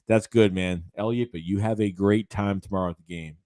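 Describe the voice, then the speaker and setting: A man's voice: fairly low pitch, steady tone, a little fast, darkish tone. A man hosting a late-night sports livestream, ranting about his team and reading viewer chats aloud in a casual way. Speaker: livestream host.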